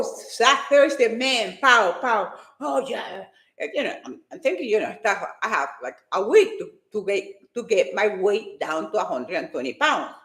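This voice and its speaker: A woman and fitness competitor giving an emotional, animated personal faith testimony. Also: high voice, roomy sound.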